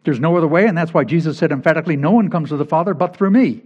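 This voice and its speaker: A man's voice: a little high, racing. Emphatic man preaching a sermon. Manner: emphatic, repeating key phrases for stress. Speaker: pastor. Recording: dull lo-fi recording.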